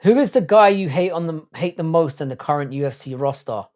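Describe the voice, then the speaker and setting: A man's voice: on the high side, animated, a little fast, darkish tone. A man hosting a casual livestream chat, rambling and swearing, often restarting his sentences. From Ireland. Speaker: podcast host.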